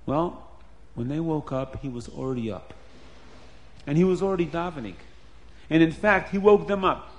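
Earnest male storyteller, slightly high voice. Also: moderate pace, long pauses. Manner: plain, repetitive, earnest retelling. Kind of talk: spoken storytelling.

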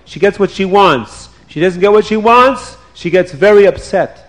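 A man telling a children's story in a lively, playful way, asking the children questions. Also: high voice, moderate pace. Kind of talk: animated children's story narration.

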